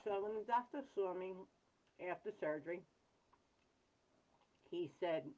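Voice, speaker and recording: A woman hosting a live chat, talking in an earnest, rambling way with frequent pauses and apologies. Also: lowish voice, darkish tone, dull audio. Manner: blunt and self-deprecating. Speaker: livestream host.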